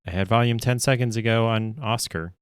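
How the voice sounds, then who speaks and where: A man's voice: fairly low pitch, brisk, clean tone, no room sound, clean studio sound. A man streaming casually while he stitches, rambling along with self-deprecating asides. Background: faint lo-fi music.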